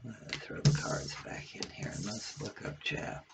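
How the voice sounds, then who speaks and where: A man's voice: normal speed, noisy background. A man rambling and musing aloud as he reads tarot cards at home, talking to spirit between draws. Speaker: tarot card reader. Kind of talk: casual rambling card reading.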